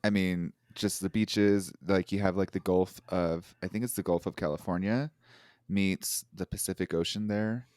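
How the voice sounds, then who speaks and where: A man's voice: low voice, normal speed, no echo, studio quality. A man guesting on a podcast, chatting casually and playfully mimicking people he met. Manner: lively, playful voices for quotes. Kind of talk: casual interview chat.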